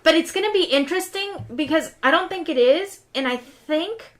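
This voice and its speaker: A woman's voice: extremely high pitch, expressive, moderate pace, a bit bright. A woman co-hosting a podcast in casual chat, giving blunt, matter-of-fact opinions. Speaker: podcast co-host.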